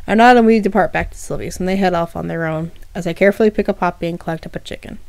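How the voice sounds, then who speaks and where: Woman storyteller, lowish voice, dry close recording, casual reading with asides. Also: very fast, creaky, a little mellow, no room sound. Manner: reads aloud with small restarts and asides. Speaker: storyteller reading her own fan fiction. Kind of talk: first-person story reading with voiced dialogue.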